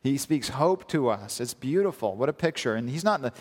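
In an animated, fairly quick mid-range voice with a slightly mellow quality, a male pastor works through a sermon, reading scripture and posing emphatic rhetorical questions. Long hall reverb surrounds him.

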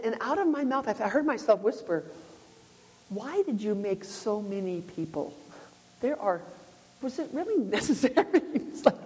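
A woman's voice: mid-range voice, mellow. A woman giving a conversational sermon, telling her own story earnestly with many restarts. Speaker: speaker sharing a testimony. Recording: long hall reverb.

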